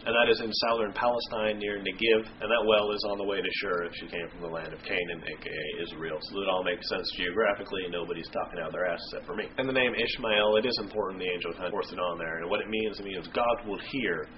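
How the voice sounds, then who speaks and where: Man, casual Bible-study host, irreverent and slangy, fast delivery, slight background hiss. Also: deep voice, steady tone. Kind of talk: scripture reading and casual explanation. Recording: dull lo-fi home recording.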